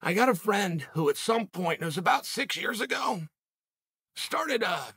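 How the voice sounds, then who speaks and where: A man's voice: high voice, very animated, moderate pace, sharp tone, breathy edge. A man hosting a sports podcast, giving a casual commentary monologue with emphatic, punchy rhetorical delivery. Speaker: MMA podcast host.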